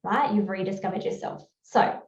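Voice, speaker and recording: A woman with an Australian accent giving a chatty, upbeat webinar pitch with frequent fillers over a video call. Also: normal speed. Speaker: webinar presenter. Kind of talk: webinar presentation. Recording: roomy, dull video-call audio.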